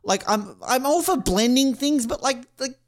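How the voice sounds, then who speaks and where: A man co-hosting a podcast, talking in casual banter that is animated and rambling, with lots of laughing and swearing. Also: very high-pitched, moderate pace. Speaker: podcast co-host. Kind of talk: casual banter ranking mascots.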